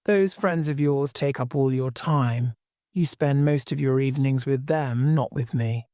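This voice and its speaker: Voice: medium pitch, a little slow, dark tone, no echo, clean studio sound, natural voice. A reader voicing a resentful young man in an audiobook, speaking bitterly in an everyday voice. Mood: sullen. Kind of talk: audiobook reading.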